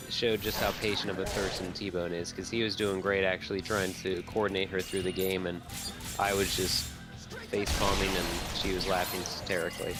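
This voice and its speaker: A man co-hosting a gaming stream, chatting casually and making wry jokes. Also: low voice. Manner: wry, joking asides. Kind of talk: casual chat while gaming. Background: game music.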